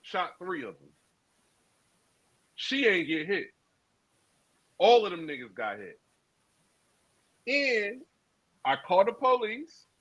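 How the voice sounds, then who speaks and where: A man co-hosting a podcast, telling a profane story in a casual, animated street style. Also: fairly high pitch, no echo. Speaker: podcast co-host. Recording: dull lo-fi sound.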